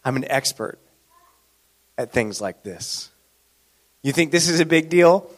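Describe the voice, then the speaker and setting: A man voicing a scheming, manipulative queen, speaking in a hushed, coaxing way. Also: on the high side, animated, measured pace. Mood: sly confident.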